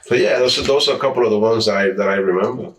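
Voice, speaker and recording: Talking very fast in a lowish voice, a New York-area former street racer recounts casual stories in an interview, acting out dialogue and often starting his words over. The mic is far away, the sound is roomy, and there's background noise.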